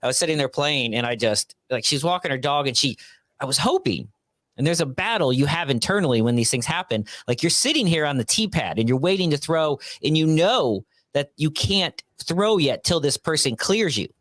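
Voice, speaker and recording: A man's voice: fairly high pitch, moderate pace, no echo. A man hosting a podcast, telling stories animatedly and acting out the people in them. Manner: animated storyteller, acts out quotes. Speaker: podcast host. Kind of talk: casual interview chat.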